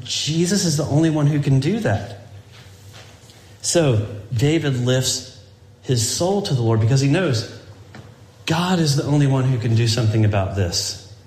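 A man's voice: medium pitch, a little mellow, echoey room. A man preaching a sermon as pastor, in a conversational way with frequent restarts and asides.

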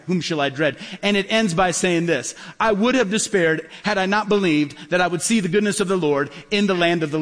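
A man preaching as a pastor, telling stories in a lively way and acting out the dialogue. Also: sits high. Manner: animated, acts out dialogue in stories. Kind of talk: sermon with storytelling. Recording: long hall reverb.

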